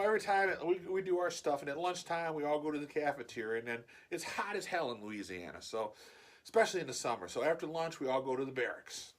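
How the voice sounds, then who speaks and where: A man casually telling a story in his vlog, animated and swearing freely. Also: fairly high pitch.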